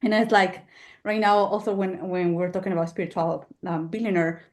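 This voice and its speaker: A woman's voice: lowish voice, steady tone, fairly quick. A woman podcast host talking heatedly and emphatically in casual chat, swearing freely.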